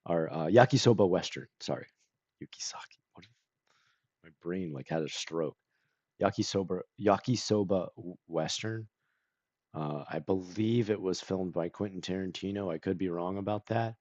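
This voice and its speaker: A man chatting casually on a stream, rambling with lots of "like" and clearing his throat and coughing now and then. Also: sits low, moderate pace, darkish tone, no echo, dull audio. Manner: rambling, full of "like" and self-corrections.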